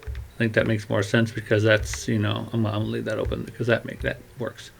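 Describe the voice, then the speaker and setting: In a lowish, gravelly voice with a completely flat, brisk delivery, a man mutters to himself while writing. His rambling think-aloud wanders and trails off, spoken into a glove-covered mic over keyboard typing. There's a little hiss or hum on the recording.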